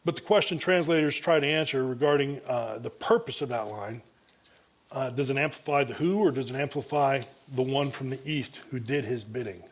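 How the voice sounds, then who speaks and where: A man's voice: mid-range voice, normal speed. A male pastor preaching an expository sermon, reading and comparing Bible translations, often restarting his phrases. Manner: frequent restarts and repeated words.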